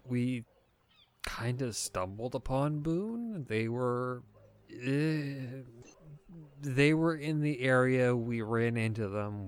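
A man's voice: medium pitch, close to an everyday voice. A man doing a guarded elemental woman. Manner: evasive, hesitant.

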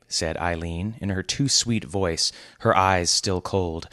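Deep-voiced wry male narrator. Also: takes it slowly, few pauses, a bit bright, no room sound, studio quality. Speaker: podcast host and narrator. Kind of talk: scripted narration.

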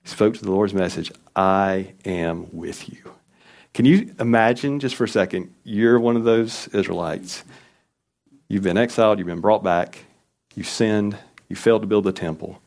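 A man's voice: lowish voice, normal speed, a little mellow. A man preaching a conversational, folksy sermon in a church, reading scripture with emphasis. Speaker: pastor.

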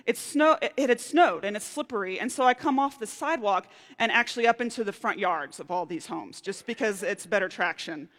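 A woman preaching a sermon, telling a personal story with lively, animated outbursts. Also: mid-range voice, fairly quick, few pauses. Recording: reverberant hall.

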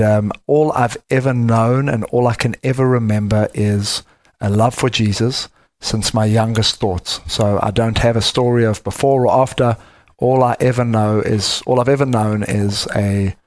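A man's voice: lowish voice, fairly even intonation, a little slow, no echo. A man with a South African accent, a guest in a podcast interview, telling stories in a gracious, easy way. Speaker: guest, medical business founder. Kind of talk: casual interview.

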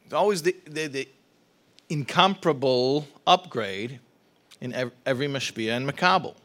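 A man teaching a religious study class, explaining ideas with rhetorical questions, quick restarts and repeated words. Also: medium pitch, lively intonation, fairly bright tone.

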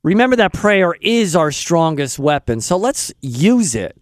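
A man's voice: a little high, big pitch swings, unhurried, dry recording, clean studio sound. A man hosting a talk radio show, speaking in an emphatic, opinionated and rambling way.

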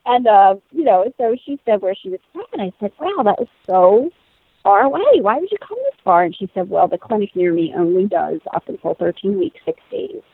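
Woman, thirties, animated storyteller, laughs often, dry tinny phone sound. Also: medium pitch, moderate pace, husky, no room sound. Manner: animated, laughing, acts out quoted voices. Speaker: guest telling a personal story. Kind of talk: conversational storytelling.

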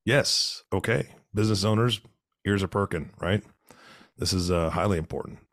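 A man co-hosting a podcast while hoarse from illness, relaxed and joking as he asks questions. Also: deep voice, normal speed, dry recording, studio quality. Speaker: podcast co-host. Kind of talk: casual chat.

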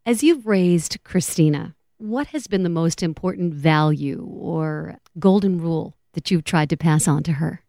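A woman hosting an interview, asking questions in a measured way. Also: low-pitched, dark tone, dry recording, studio quality. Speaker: interview host. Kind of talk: conversational interview.

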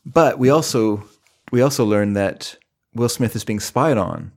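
A man's voice: fairly low pitch, animated, a little slow, darkish tone. A middle-aged man co-hosting a film podcast, recapping the plot in a rambling, casual way with many restarts. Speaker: podcast co-host.

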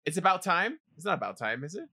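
A man's voice: high-pitched, very animated, fast, vocal fry, bright, forceful tone. A man co-hosting a podcast in casual chat, playful and hesitant as he guesses. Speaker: podcast co-host.

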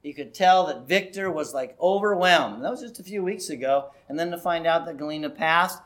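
A man's voice: a little high, brisk, fairly bright tone. Earnest male pastor preaching. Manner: earnest, conversational preaching with rising emphasis. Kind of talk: sermon.

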